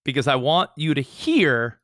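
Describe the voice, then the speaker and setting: A man's voice: medium pitch, sing-song, measured pace, a bit bright, dry recording, studio quality. A man co-hosting a radio show, teasing his co-host in easygoing banter.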